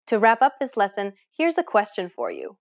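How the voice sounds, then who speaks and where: A woman's voice: mid-range voice, wildly swooping pitch, moderate pace. A woman hosting a language lesson, giving scripted, encouraging explanations in an upbeat way.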